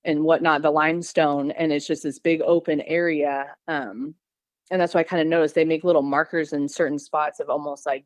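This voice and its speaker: A deep-voiced woman from Missouri, speaking at a moderate pace with little pitch movement, shares her encounter on a podcast. Her casual storytelling wanders, with many fillers and restarts, and there's no echo.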